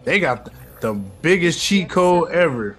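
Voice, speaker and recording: A man's voice: a little high, expressive, normal speed, a bit bright. A man hosting a podcast, reacting to a film in casual, slangy, profane commentary. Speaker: podcast host reviewing a film.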